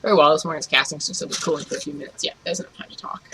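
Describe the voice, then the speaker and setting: A man's voice: a little high, racing, bright, forceful tone, slight background noise, poor audio. A man reading the lines of a cultured, pleasant male mechanic with a faint Russian accent in his own voice. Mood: courteous. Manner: pleasant, polished and courteous.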